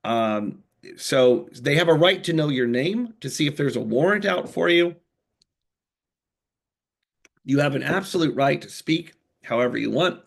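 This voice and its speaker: A lawyer from the United States answering questions live, earnest and reassuring, halting often with fillers and restarts. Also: male voice, on the high side, animated, vocal fry. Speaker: immigration lawyer. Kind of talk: live Q&A explanation.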